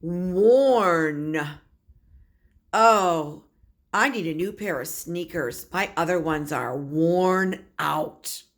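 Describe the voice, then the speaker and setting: A kindergarten teacher, a woman, giving a recorded phonics lesson and sounding out letters and words slowly for small children. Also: lowish voice.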